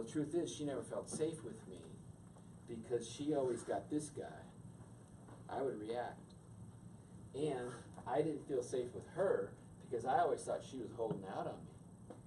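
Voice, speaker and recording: A man giving a storytelling talk to an audience, acting out the voices in his stories. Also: medium pitch. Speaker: speaker. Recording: distant mic with steady noise.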